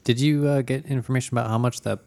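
A man's voice: medium pitch, steady tone, fast talker, creaky, darkish tone. A man co-hosting a podcast in casual chat, laid back and keeping his replies brief. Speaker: podcast co-host.

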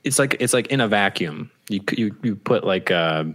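A man's voice: on the low side, expressive, normal speed, fairly bright tone. A man co-hosting a casual podcast, rambling and joking and swearing freely. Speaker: podcast co-host.

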